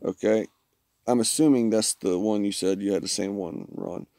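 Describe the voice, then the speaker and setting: A man's voice: lowish voice, normal speed, mellow, dry recording. A man live-streaming a mobile game, rambling through his setup and joking with friends on a voice call. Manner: rambling, jokey, talks to chat and friends. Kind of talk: casual gameplay commentary.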